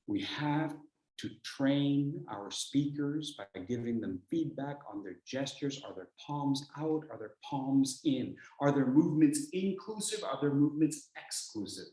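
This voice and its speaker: A man's voice: mid-range voice, expressive, normal speed, a little mellow. A man presenting a speaking workshop over a video call, playful and teasing, firing off rhetorical questions. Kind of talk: energetic instructional talk. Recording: echoey room.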